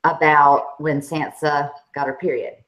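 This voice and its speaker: A woman with a Southern US accent co-hosting a casual chat, talking in an animated, chatty way and laughing often. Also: deep voice, unhurried, rough recording. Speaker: co-host.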